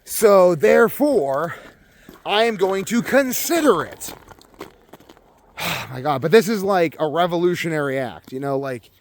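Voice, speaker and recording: A man's voice: fairly high pitch, animated, unhurried, long pauses, slight background noise. A young man ranting to camera in a profane, emphatic monologue full of fillers. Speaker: vlogger.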